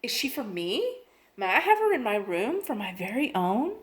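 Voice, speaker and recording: A woman voicing an excited, pleading little girl in a storybook reading. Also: on the high side, normal speed, pitched above the performer's own voice. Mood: eager. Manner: eager, pleading.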